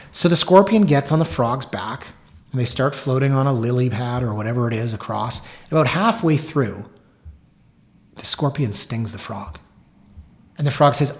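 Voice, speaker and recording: A middle-aged man hosting his own real-estate podcast, telling stories in an animated, wry way with joking asides. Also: mid-range voice, moderate pace. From Canada. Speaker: realtor and podcast host. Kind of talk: solo podcast talk with storytelling.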